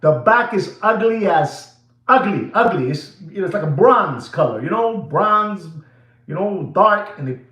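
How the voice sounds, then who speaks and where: He speaks at a measured pace in a high-pitched voice, hosting a watch channel with an animated, theatrical rant to his audience. Spanish asides pop up throughout his excitable delivery, and the audio carries a roomy echo.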